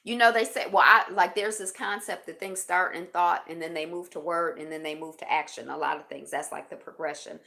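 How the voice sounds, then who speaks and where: Woman host on a home livestream, lowish gravelly voice, reads aloud then riffs casually to her viewers. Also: fairly even intonation, brisk, few pauses, sharp tone. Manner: reads passages aloud, stops to muse and joke to viewers. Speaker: live stream host. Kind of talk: casual reflective reading and chat. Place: indoors at home. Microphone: built-in camera mic.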